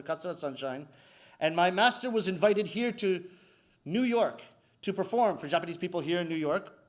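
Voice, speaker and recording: A male comic storyteller on stage with a fairly high voice. He tells his tale in an animated, theatrical way, turning to the audience now and then. He shifts freely between explanation and playful asides. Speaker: rakugo storyteller. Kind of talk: live comic storytelling performance.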